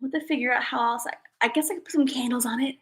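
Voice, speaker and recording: A young woman hosting a casual livestream, bubbly and excitable, chatting to her viewers. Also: on the high side, rapid-fire. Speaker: livestream host.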